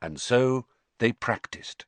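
A man narrating a storybook aloud with an expressive, lively delivery. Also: mid-range voice, slow pace, no room sound. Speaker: audiobook narrator.

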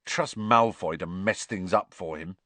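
A man's voice: deep voice, a little slow, bright, forceful tone, dry recording. Gloomy, worried teen boy, near the reader's own voice, male reader. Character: gloomy loyal teenage boy.

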